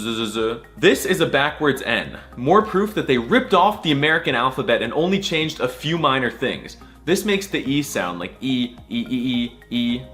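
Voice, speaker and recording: Man, comedic alphabet lesson, lively swooping pitch, exaggerated mock-serious delivery, faint background music. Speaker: comedy language tutor.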